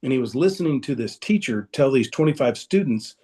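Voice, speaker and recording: A man's voice: medium pitch, expressive, brisk, mellow. A man telling a personal story as a guest in a casual, rambling way, with many restarts, over a video call. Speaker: guest speaker.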